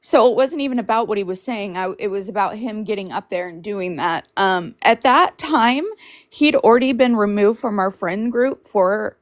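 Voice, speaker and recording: A woman hosting a livestream, tearful and apologetic, talking in halting bursts through crying. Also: medium pitch, dry recording, clean studio sound. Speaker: livestream host. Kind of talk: emotional livestream chat.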